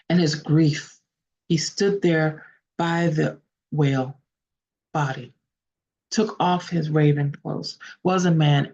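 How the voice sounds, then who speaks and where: A woman storyteller narrates a folk tale in an unhurried, earnest manner, sometimes stopping to correct herself. Her voice sits low and husky, with a gravelly fry. She is heard over a video call, and the sound is dull and lo-fi. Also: dark tone. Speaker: storyteller, guest speaker. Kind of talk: oral storytelling.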